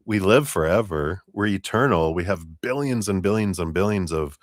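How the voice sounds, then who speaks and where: A man with a very low voice reads tarot on a live stream, recorded dry and close. He talks in a relaxed, rambling way, full of fillers and spiritual phrases. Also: normal speed, no echo. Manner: relaxed, meandering, spiritual talk with many fillers; acts out spirit voices in a raised pitch, laughs often. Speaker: tarot reader.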